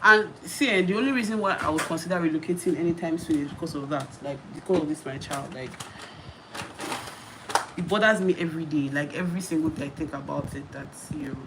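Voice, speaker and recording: Chatty Nigerian woman, low voice. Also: quick pace. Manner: chatty, laughs often, repeats herself. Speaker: YouTuber hosting a live Q&A. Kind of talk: casual live-stream chat. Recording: noisy live-stream audio.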